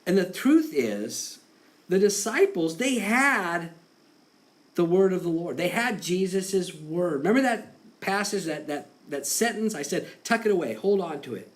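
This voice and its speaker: Male pastor, casual animated sermon delivery, fairly high voice with lively pitch swings. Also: a little slow. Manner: conversational, animated, acts out quotes with laughs.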